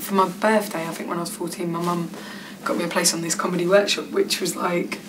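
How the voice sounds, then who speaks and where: A woman's voice: on the low side, level tone, fast. A woman from suburban London, chatting as a comedian guest in a casual, self-deprecating, giggly way. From London suburbs, England. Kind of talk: casual backstage interview. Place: backstage at a venue. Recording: distant mic with background noise.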